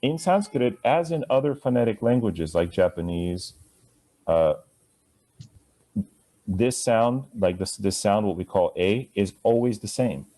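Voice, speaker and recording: A man's voice: fairly low pitch, lively intonation, unhurried, dark tone. A man teaching a live Sanskrit class, chatty and asking students to repeat sounds after him.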